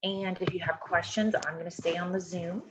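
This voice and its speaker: A woman with a fairly low, steady voice talks at a moderate pace against a noisy background. Teaching choir online, she goes through a score step by step, encouraging and instructing while often checking "okay?". The video call sound is dull and lo-fi.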